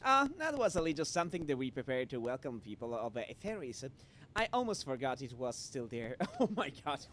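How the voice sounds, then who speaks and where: Excitable man narrating his gameplay. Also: medium pitch, fairly quick, slight background noise. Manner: excitable, laughing, shouting reactions. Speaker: VTuber streamer. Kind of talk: live gameplay commentary. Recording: game music behind the voice.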